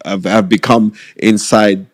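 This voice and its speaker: A middle-aged British man telling stories as a guest on an interview show, animated and acting out what others said in lively voices. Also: on the low side, a little slow, dry recording. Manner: animated, acts out quoted people in raised voices. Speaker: boxing promoter and pundit, guest. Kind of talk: casual storytelling interview.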